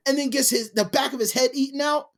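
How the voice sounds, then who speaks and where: A woman's voice: high-pitched, steady tone, quick pace. A woman co-hosting a podcast in casual chat, rambling and swearing constantly. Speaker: podcast co-host.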